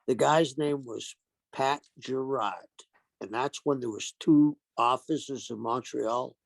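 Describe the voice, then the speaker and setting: Gravelly older man telling wrestling stories. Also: medium pitch, slow pace, no room sound. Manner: animated anecdotes with acted-out quotes. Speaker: guest, retired pro wrestler. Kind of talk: storytelling interview.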